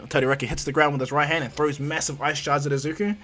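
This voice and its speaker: A man's voice: a little high, flat delivery, fast talker, bright, forceful tone. A man casually retelling a fan-made story, rambling with many restarts and acting out the characters' lines.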